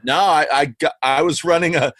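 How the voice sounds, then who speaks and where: A man from Western Canada, a guest author telling lively, slangy stories in a casual interview. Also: on the high side, brisk, no room sound. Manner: animated, slangy, says "bro" and "man". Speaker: guest, author and former comedian.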